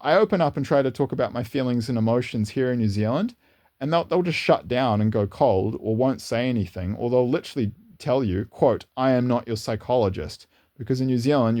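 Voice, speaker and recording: A man talking in a casual, unscripted monologue as a channel host, rambling earnestly with frequent restarts and repeated words. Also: dark tone. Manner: earnest, rising in pitch when enthused. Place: lives in New Zealand, indoors.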